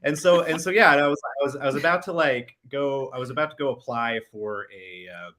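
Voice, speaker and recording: A man with a Utah accent, a guest telling stories in a casual interview, chuckling and relaxed. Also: mid-range voice, brisk, a crowd in the background. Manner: chuckling, relaxed storyteller with restarts. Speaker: guest, founder of a skeptics group.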